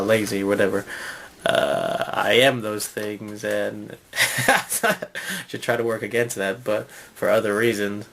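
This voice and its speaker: A man's voice: on the low side, vocal fry, a bit bright. A man hosting a comedy vlog, talking in a loose, meandering way, full of fillers and little chuckles. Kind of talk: rambling casual monologue.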